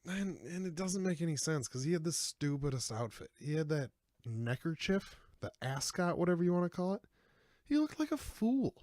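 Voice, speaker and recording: A man's voice: a little high, darkish tone, no room sound, studio quality. A man in his twenties hosting a podcast, rambling and joking in a casual, self-deprecating chat. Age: 20s. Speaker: podcast host.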